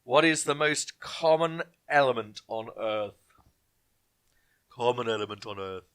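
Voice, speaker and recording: A man's voice: mid-range voice, animated, unhurried, a bit bright, clean tone. A man hosting an online pub quiz, reading each question twice and dropping jokey asides to viewers. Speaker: quiz host.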